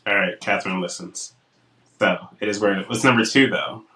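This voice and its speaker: Young guy on a podcast, bright tense voice, kinda far from the mic, echoey room. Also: fairly low pitch, normal speed. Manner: animated storytelling, acts out quotes. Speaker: podcast co-host. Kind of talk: casual podcast chat.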